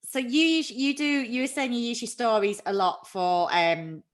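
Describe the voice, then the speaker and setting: A woman's voice: on the high side, normal speed. A woman hosting a casual live chat, talking freely and laughing often at herself. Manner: chatty, laughs often, self-deprecating. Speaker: livestream host.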